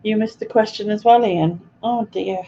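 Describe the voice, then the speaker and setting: A woman's voice: mid-range voice, normal speed, warm tone, slight background noise. A woman hosting a live quiz stream in a chatty, giggly way, reading out viewers' answers. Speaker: quiz host. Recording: dull lo-fi stream audio with faint ambience.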